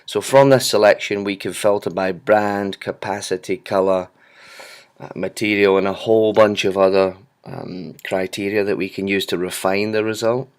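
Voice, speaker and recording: A man giving a relaxed, conversational walkthrough of a software storefront, with frequent ums. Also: lowish voice, moderate pace, smooth. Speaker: software product presenter. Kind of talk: screen-recorded product walkthrough.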